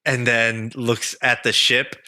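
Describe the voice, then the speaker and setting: A man runs a tabletop game as game master, his voice very bright and forward. He narrates at an unhurried pace, animated and often laughing as he tells what happens. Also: medium pitch, no room sound, studio quality.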